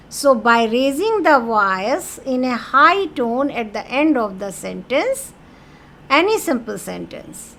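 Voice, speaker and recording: A woman teaching a French grammar lesson, speaking very slowly and patiently in a slightly high voice. She repeats key terms and drops French phrases into her English explanations. A faint ambient hum sits under her voice. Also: a bit bright.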